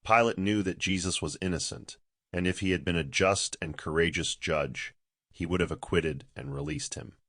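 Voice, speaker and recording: A man narrating a scripted religious story in a steady, solemn manner. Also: low-pitched, moderate pace, vocal fry, no room sound, clean studio sound.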